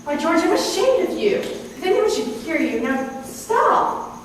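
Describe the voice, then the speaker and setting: A woman's voice: very high voice, sing-song, a little slow, slight background noise, full character voice. An actress on stage playing a flustered mother who scolds her son on his wedding day. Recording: echoey hall taped from far off.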